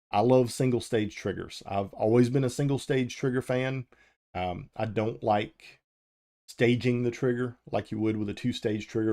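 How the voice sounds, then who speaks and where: A man hosting a live firearms show, talking casually and answering viewers' chat questions, with frequent ums and uhs. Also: on the low side. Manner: relaxed and conversational, with frequent "uh" and "um".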